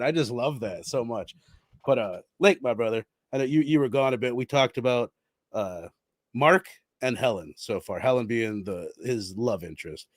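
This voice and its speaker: A man in a relaxed movie chat who gets lively and playful, jumping into little impressions of lines he loved. His voice sits at a middle pitch, and the recording is dry, with no room sound around him. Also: normal speed, no room sound. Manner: animated, quotes film lines in playful voices. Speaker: podcast co-host. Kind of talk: casual film discussion.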